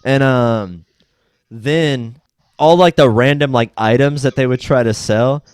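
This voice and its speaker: A man's voice: medium pitch, a little slow, a little mellow, clear, resonant tone, no room sound. A young man co-hosting a podcast in casual chat, retelling sketches animatedly in goofy voices and swearing freely. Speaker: podcast co-host.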